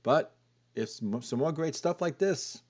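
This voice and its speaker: A man reacting to a song in casual commentary, relaxed and awed. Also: on the high side, unhurried, very noisy. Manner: relaxed, awed, laughing softly. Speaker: music reactor.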